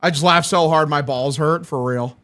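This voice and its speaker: A young man streaming a game watch-along, calling the plays and excitedly thanking his chat, swearing freely. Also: fairly high pitch, moderate pace. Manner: hyped, profane, thanking chat. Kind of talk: live watch-along play-by-play.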